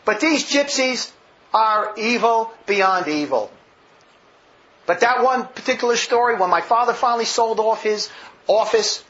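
A man's voice: high-pitched, a bit bright. A man preaching a sermon full of stories, vehement and rambling, with many restarts, on a dull lo-fi recording.

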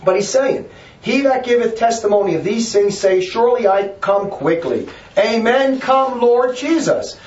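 A man's voice: very high voice, animated, unhurried, darkish tone, reverberant, distant mic, dull audio. A man preaching a fiery, emphatic sermon, hammering his points with repetition.

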